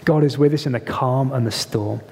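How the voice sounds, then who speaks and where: A man preaching a sermon, telling the story in an animated way and acting out the voices in it. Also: mid-range voice, fairly quick, creaky. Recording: long reverb of a hall.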